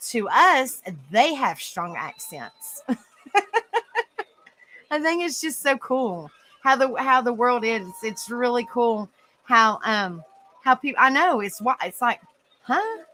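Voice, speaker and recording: A woman's voice: fairly high pitch, expressive, takes it slowly, sharp tone, low-quality recording. A woman hosting an open panel in casual chat, rambling with lots of fillers and frequent giggles.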